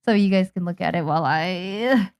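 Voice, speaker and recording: A young Japanese woman, a manga artist, chatting casually on a livestream while she draws, muttering and calming herself down. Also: lowish voice, normal speed, clear, resonant tone. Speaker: manga artist streaming her drawing.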